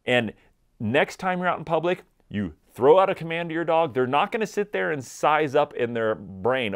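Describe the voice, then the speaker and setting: A man giving energetic, conversational dog training advice directly to his viewers. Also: fairly high pitch, moderate pace. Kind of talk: instructional talk to camera.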